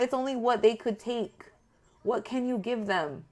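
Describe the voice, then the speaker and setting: A woman giving a casual tarot reading to her viewers, talking in a blunt, profane and animated way. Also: on the high side, measured pace. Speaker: tarot reader.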